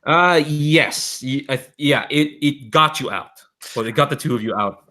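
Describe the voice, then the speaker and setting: Guy running the game, mid pitch, animated narration with lots of laughing. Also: moderate pace. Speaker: game master.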